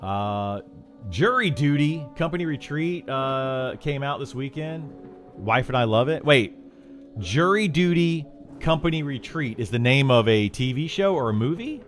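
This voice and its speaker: A man's voice: mid-range voice, lively intonation, measured pace, soft background music. A middle-aged man chatting casually while streaming a game, rambling with lots of fillers and restarts.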